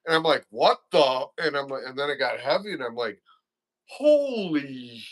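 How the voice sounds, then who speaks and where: A man chatting as an interview guest, telling fishing stories excitedly and acting out his own reactions. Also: medium pitch, quick pace. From Wisconsin. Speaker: guest, father of a young angler. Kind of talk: casual chat, animated fishing stories.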